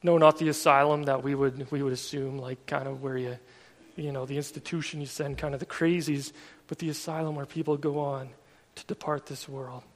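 A man's voice: medium pitch, little pitch movement, a little fast. A man preaching a sermon in a casual, storytelling way, full of everyday fillers. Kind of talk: conversational sermon. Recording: long reverb of a large hall.

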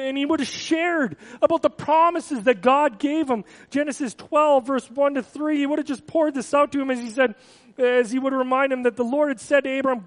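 Man, pastor, conversational sermon, high-pitched, casual, stumbles over words. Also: poor audio. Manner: casual, repeats words, asks the congregation questions.

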